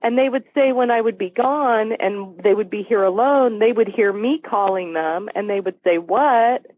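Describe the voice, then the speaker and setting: A woman in her forties, a podcast guest, telling a story with animated quoted voices. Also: medium pitch, moderate pace, no echo. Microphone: phone call. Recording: tinny phone line.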